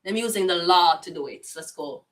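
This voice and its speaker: A woman's voice: lowish voice, brisk, a bit bright, distant mic, a little hiss or hum. A woman with a Jamaican accent giving a casual tarot reading, blunt, chatty and profane in patois. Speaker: tarot reader.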